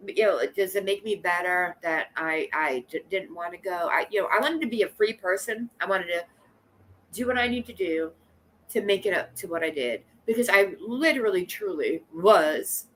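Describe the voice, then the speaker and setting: A woman hosting a casual livestream, chatting in a rambling, blunt and animated way and greeting viewers by name. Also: fairly low pitch, normal speed, slight background noise. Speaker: livestream host.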